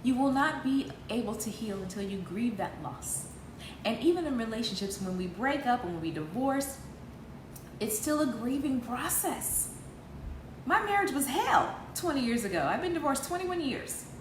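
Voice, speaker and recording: A woman in her forties talks like a preacher on a livestream, passionate and emphatic, dropping low and soft and then rising loud again, laughing now and then. Her voice sits a bit high. The room is echoey, with a faint hiss of noise behind her. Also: lively intonation, normal speed. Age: 40s. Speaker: host of an online faith talk.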